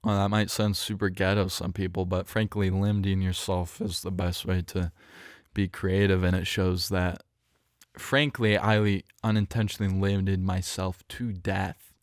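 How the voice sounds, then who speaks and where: Low-voiced young man telling a rambling story. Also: level tone, moderate pace, no echo, studio quality. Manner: rambling, self-correcting, with many fillers. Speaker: podcast host. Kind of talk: casual storytelling chat. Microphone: studio mic close up.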